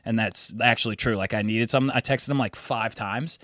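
A man's voice: a little fast, no echo, studio quality. A man casually telling a rowdy story on a podcast, swearing a lot and acting out his friends' lines. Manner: animated storyteller, swears freely, acts out friends in high voices. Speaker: podcast co-host.

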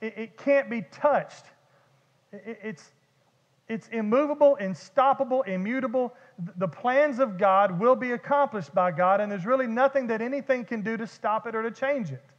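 A man preaching a sermon as pastor, animated and conversational, with vivid humor and repeated words. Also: extremely high pitch, normal speed. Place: church sanctuary. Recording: dull echoey church hall.

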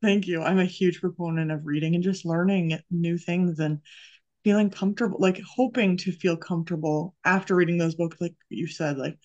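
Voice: mid-range voice, steady tone, moderate pace, a little mellow, dull audio. A podcast host talking in an enthusiastic, chatty way, with many fillers. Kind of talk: podcast interview.

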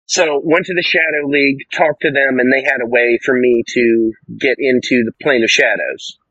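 A man's voice: medium pitch, fairly even intonation, moderate pace, bright, forceful tone, breathy edge, dry recording. Chatty joking guy playing a tabletop game, keeps fixing his words, kinda muffled dry audio. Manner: rambling, joking, self-correcting. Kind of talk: casual actual-play chat.

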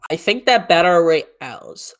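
A woman's voice: on the low side, a little slow. Ranting, foul-mouthed woman podcast co-host. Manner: swears freely, animated and ranting. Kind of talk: casual gaming podcast chat.

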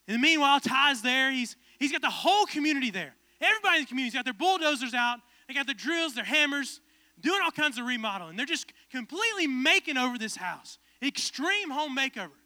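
Young guy preaching, tells a story then gets fired up, really high bright voice. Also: fast talker, dry recording. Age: 20s. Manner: casual, animated storytelling building to fervent preaching. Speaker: pastor. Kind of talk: storytelling sermon.

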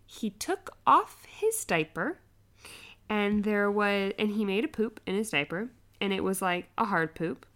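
Young woman, animated storytelling. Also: mid-range voice, unhurried. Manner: animated storyteller, acts out quotes, laughs often. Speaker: podcast co-host. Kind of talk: casual chat.

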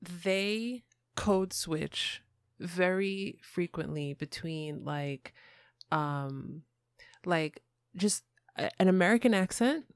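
A woman hosting a podcast, asking measured, thoughtful questions in casual talk. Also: on the low side, clear, resonant tone, dry recording, clean studio sound. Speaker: podcast host. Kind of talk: casual interview chat.

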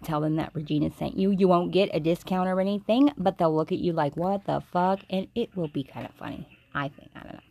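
Low gravelly tipsy woman. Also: fairly quick, few pauses. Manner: rambling, profane, deadpan jokey. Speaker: host. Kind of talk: comedic tarot reading stream.

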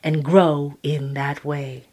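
A woman from Toronto narrating her own life story in a reflective way, with long pauses. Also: low voice, flat delivery, a crowd in the background. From Toronto, Canada. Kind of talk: personal storytelling.

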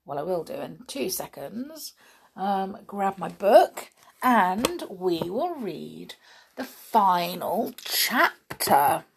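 A woman reading a children's storybook aloud in a gentle, expressive way. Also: mid-range voice, drawn-out words, creaky, slight background noise. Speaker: storybook reader.

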